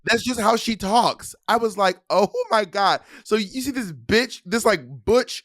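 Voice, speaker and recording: A man co-hosting a casual chat, animated, profane and giggly. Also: sits high, moderate pace, dry recording, clean studio sound. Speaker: co-host. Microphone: desk mic at a computer, streaming live.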